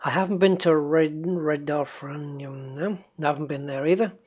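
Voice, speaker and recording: His voice is a little high yet darkish and husky, moving at a moderate pace. The speaker is a gaming channel host with a faint northeast English accent, casually commentating on a truck game and talking with viewers as he drives.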